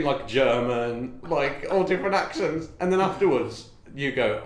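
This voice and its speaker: A man's voice: a little high, normal speed, few pauses. A young man co-hosting a podcast in casual chat, rambling, giggling and swearing freely. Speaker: podcast co-host. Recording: echoey room.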